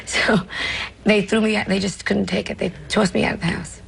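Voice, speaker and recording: An older woman comedian with a New York accent tells stories in an interview, throwing in brash, self-mocking asides. Her medium-pitched voice is level, fast, creaky and husky. The recording quality is low.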